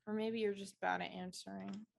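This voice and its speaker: A woman's voice: mid-range voice, flat delivery, normal speed, gravelly. A young woman hosting a casual podcast chat, sassy and teasing, swearing often. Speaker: podcast host.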